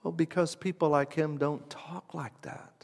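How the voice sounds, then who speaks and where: A man preaching a sermon in a conversational, reflective way, moving from hushed asides to emphatic lines. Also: fairly high pitch, fairly even intonation, a little slow, vocal fry, long reverb tail.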